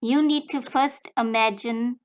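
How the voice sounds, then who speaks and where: A woman language tutor giving a slow, deliberate step-by-step explanation of pronunciation. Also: a little high, fairly even intonation, lo-fi sound. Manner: slow, deliberate, breaks words into careful phrases.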